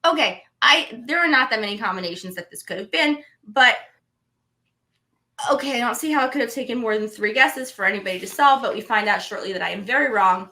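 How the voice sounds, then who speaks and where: Chatty bright-voiced woman podcast host. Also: a little high, a little fast. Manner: chatty, animated recapping. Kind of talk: casual chat.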